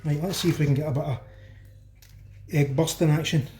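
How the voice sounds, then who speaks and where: A Glaswegian man talks viewers through his cooking in a home kitchen, exclaiming over every bite. His voice sits a little high but sounds mellow. The room is echoey, with a faint hiss behind him. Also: fairly even intonation, fairly quick. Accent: Glaswegian Scottish. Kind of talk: casual cooking commentary to camera.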